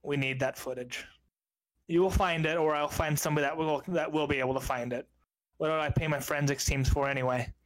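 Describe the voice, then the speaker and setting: A man's voice: a little high, a little fast, natural voice, low-quality recording. A man playing a cold old crime boss. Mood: coldly menacing. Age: 70s. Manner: calm, menacing, clipped. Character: cold older male crime boss with an eye implant.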